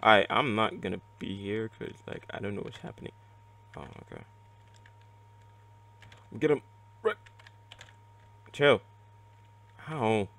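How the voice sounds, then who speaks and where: A man giving live gameplay commentary, excitable and reactive, muttering and swearing at the game as he plays. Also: fairly low pitch, takes it slowly, creaky, pauses often. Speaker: let's play gamer.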